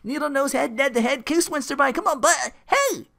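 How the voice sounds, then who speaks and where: A reader voicing an overeager, pushy man who insists on being remembered, pitching the voice far up with excited laughter. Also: normal speed, gravelly, exaggerated voice. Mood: eager. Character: overeager chatty man, pushy old acquaintance.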